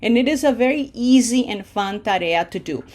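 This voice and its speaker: A woman's voice: a little high, animated, moderate pace, a little mellow. A woman teaching Spanish verb forms in English, explaining patiently step by step and checking in with "okay?". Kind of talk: online language lesson.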